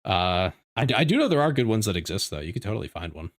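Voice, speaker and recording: A man streaming from home, chatting casually with his viewers in a rambling, animated way, often restarting his sentences. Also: lowish voice, fast. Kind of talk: casual livestream chat. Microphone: desk microphone.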